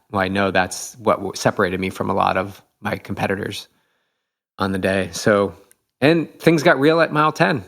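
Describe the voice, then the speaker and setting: A man's voice: lowish voice, fairly bright tone. A middle-aged man, a podcast host, telling a race story in casual chat, eager and reflective, with many fillers.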